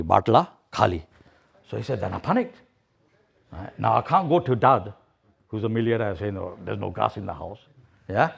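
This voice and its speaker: A man's voice: a little high, creaky. A man preaching a sermon, telling a story with acted-out voices and urging his listeners. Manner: storytelling, acts out voices, exhorting. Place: mosque hall.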